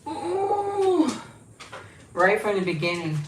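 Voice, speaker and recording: A woman's voice: lowish voice, fairly even intonation, normal speed, roomy sound, a little hiss or hum, rough recording. A woman hosting a casual livestream from home, rambling chattily and coaxing her dog in a sing-song voice. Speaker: YouTube channel host.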